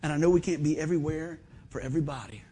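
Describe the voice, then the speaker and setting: A man preaching a sermon in a folksy storytelling manner, swinging from loud bursts to quiet asides. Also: fairly high pitch, rapid-fire, a little hiss or hum. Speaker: pastor.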